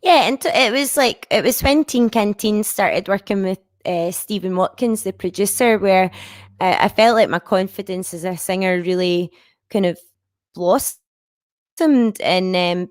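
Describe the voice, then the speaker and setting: A woman's voice: mid-range voice, normal speed, dry recording, clean studio sound. A woman in her thirties with a broad Scottish accent from Lanarkshire, a musician chatting frankly as an interview guest, with many fillers. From Scotland. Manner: frank and chatty, sprinkled with fillers and a stray swear. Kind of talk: casual interview chat.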